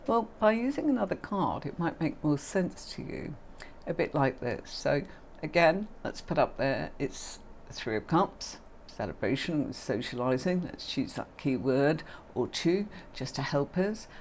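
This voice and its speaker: Lively intonation lifts this middle-aged woman's low, unhurried voice as she hosts a livestream and teaches tarot. Warm and chatty, she calls her viewers "darling" and "my lovely," and there's slight background noise.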